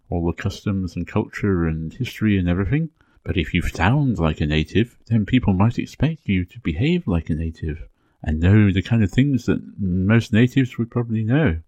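A man from England speaking with a Received Pronunciation accent, giving a measured, clearly enunciated educational talk as a podcast host. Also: deep voice, darkish tone, no echo. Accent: English Received Pronunciation.

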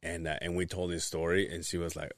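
A man's voice: deep voice, level tone, fast talker, no echo, studio quality. A young man telling a funny story on a podcast, laughing often and swearing casually. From Latin America. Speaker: podcast host.

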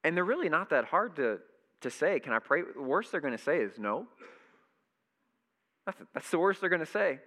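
A man preaching a sermon, animated and emphatic, repeating key phrases. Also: on the high side, normal speed. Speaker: pastor.

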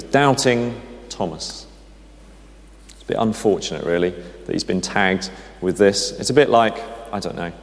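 A man delivers a sermon in an easy, conversational way, with touches of dry humour. His voice sits low. The sound rings with the long reverb of a large church. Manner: conversational, gently humorous storytelling. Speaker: preacher.

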